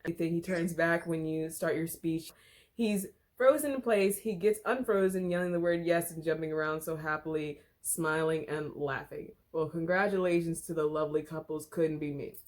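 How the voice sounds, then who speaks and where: Young woman vlogger, lowish voice, giggly and profane, reads aloud haltingly. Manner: laughs a lot, swears, halting reading. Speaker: vlogger reading fan fiction. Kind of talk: casual chat and reading aloud.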